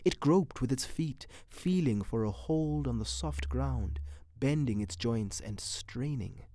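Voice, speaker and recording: A narrator reading literary fiction with a measured, storytelling delivery. The pitch moves freely and expressively through each sentence, and the voice is recorded close and dry with no room sound. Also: lively intonation, dark tone, dry recording.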